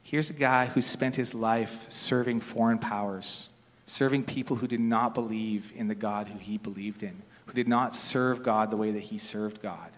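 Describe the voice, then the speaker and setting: A man's voice: lowish voice, steady tone, normal speed, a bit bright. A middle-aged man preaching a sermon in a conversational, storytelling way, sometimes restarting his sentences. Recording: long reverb of a large hall.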